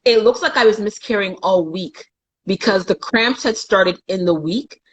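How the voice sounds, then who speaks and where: A woman's voice: mid-range voice, normal speed, husky, low-quality recording. Young woman telling her story straight out, does little voices for the people in it. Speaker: guest. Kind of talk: personal storytelling in a live chat.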